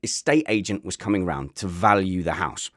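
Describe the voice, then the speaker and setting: A man's voice: low voice, normal speed, fairly bright tone, no echo, clean studio sound. A man hosting a casual podcast, jokey and self-mocking. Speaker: podcast host.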